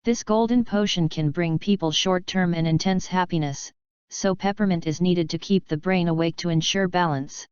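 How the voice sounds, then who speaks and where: A woman narrating a fanfiction audiobook in a steady, even reading. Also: lowish voice, normal speed, clean tone, no echo. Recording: dull lo-fi dry recording.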